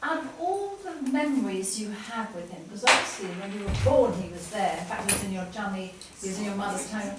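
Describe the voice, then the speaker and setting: A woman interviewing, reacting admiringly and gently prompting questions. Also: medium pitch, lively intonation, brisk, few pauses. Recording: echoey room, distant mic, audible noise.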